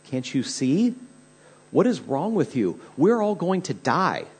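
A preacher voicing frantic, panicking disciples. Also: male voice, fairly high pitch, sing-song, slow, slightly rough, voice pushed up, exaggerated voice. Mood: panicked. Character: panicked male disciples in a storm.

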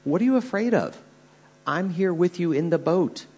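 A preacher voicing a gently reproving Jesus. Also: male voice, high-pitched, expressive, normal speed, breathy edge, voice pushed up.

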